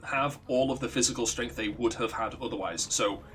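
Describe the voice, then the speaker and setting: A man's voice: medium pitch, fairly quick, a bit bright, faint music behind. A man, a let's play streamer, casually telling a rambling, profane story while gaming and laughing at his own jokes.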